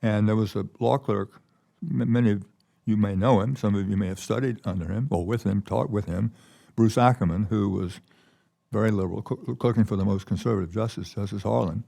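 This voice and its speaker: Older man, keynote guest, gravelly low voice, rambling storyteller. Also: brisk, mellow. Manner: rambling with many restarts. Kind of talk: conversational storytelling. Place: conference stage.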